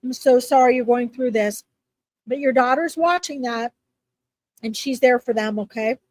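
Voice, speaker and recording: A woman giving chatty, reassuring readings to viewers on a live stream, with lots of fillers and little pauses. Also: a little high, dry recording. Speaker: psychic reader answering viewers.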